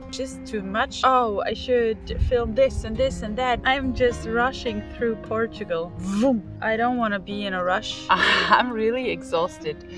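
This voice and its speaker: Give me a woman, talking openly to camera outdoors in a casual travel vlog. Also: mid-range voice. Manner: candid, self-talking, swears freely when frustrated. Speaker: bikepacking vlogger. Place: outdoors on the road.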